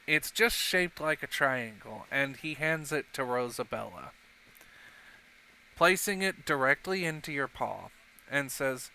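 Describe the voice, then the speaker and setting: A man narrating as game master of a tabletop role-playing game in a relaxed way. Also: mid-range voice, a little slow, smooth, low-quality recording.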